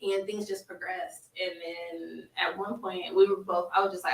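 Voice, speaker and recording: A woman's voice: on the low side, quick pace, few pauses. A woman in her thirties telling her life story as a podcast guest, laughing often and acting out the voices of the people in it. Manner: animated, laughing often, acts out quoted voices. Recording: echoey room, distant mic.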